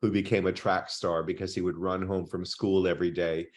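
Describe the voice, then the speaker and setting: Male interviewer, very low voice, attentive, conversational. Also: flat delivery, a little fast. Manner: attentive, prompting questions.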